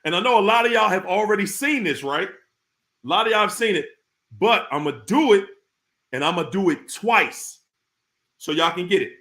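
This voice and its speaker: Man, live-stream host, high and bright voice, casual slang, repeats himself for emphasis. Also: animated, moderate pace, long pauses. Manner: repetitive, emphatic, speaks in informal slang. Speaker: live-stream host talking about narcissists.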